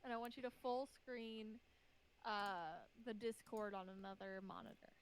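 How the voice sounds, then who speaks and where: A woman's voice: medium pitch, fairly even intonation, unhurried, clear, resonant tone, rough recording. A woman guest on a podcast, patiently walking the host through stream setup in casual chat. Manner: patient, step-by-step instructing. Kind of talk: casual chat giving tech instructions.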